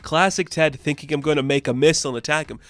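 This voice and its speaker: A man's voice: a little high, fairly even intonation, quick pace, a bit bright, no room sound, clean studio sound. A man voicing a big, angry male alien warlord, smitten and whiny, in a comic book recap. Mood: mocking.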